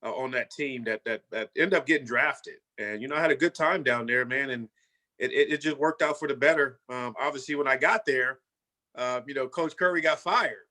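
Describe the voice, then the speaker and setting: A man's voice: mid-range voice, fairly quick, sharp tone. A man in his fifties, a former football player, telling his story in a casual way and often saying "you know" and "man".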